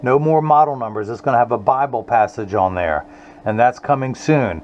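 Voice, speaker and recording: A man's voice: medium pitch, normal speed, darkish tone. A middle-aged man, talking earnestly and a bit ramblingly to camera while he makes glasses in his workshop. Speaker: optician and eyewear maker. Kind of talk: casual talk to camera while making glasses. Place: eyewear workshop. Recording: slightly dull audio with faint room noise.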